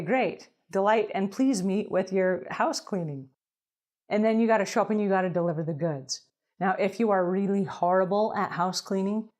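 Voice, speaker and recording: A woman's voice: medium pitch, a little mellow. A woman giving emphatic, direct advice to house cleaners as a business coach in an advice talk.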